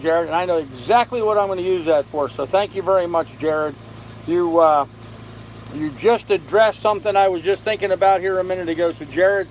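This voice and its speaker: An older man hosting a casual live stream from his boat, tired and unhurried, greeting viewers by name as he reads their comments. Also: sits high, poor audio. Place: on a sailboat with air conditioning and fan running. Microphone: phone. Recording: faint fan and air-conditioner hum behind.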